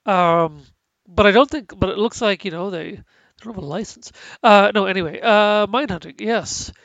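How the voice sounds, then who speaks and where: Man, high voice, gravelly, stuffy-nosed, rambling casual chat, dry close sound. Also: moderate pace, a bit bright, no room sound, lo-fi sound. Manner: rambling, many restarts and fillers. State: stuffy sinuses. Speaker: podcast co-host. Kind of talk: casual chat about TV shows.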